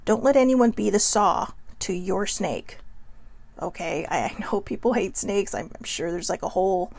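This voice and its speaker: A woman's voice: mid-range voice, moderate pace, gravelly, darkish tone, no echo. A woman hosting a casual motivational talk to camera, frank and swearing freely, with many asides to her viewers. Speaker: host.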